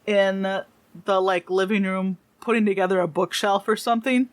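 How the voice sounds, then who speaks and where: A woman running a tabletop game as game master, narrating in a rambling, animated way. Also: mid-range voice, normal speed.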